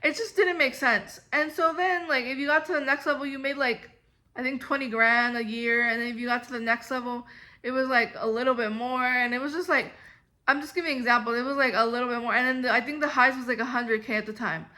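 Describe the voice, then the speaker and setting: A woman's voice: high voice, steady tone, quick pace, sharp tone. A young woman telling a storytime vlog in a rambling, exasperated way, full of filler "like"s. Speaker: vlogger. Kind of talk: casual storytime monologue.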